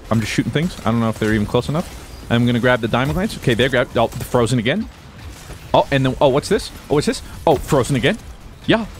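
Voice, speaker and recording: An American gaming video creator gives lively, playful gameplay commentary in a medium-pitched voice, swinging from mumbled asides to loud whoops.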